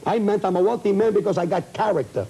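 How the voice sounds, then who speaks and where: A high-pitched, gravelly yet mellow male voice, slightly rough, comes through a low-quality recording of old broadcast audio. He's a comedian guest on a heated talk show, indignantly ranting in rapid-fire complaints.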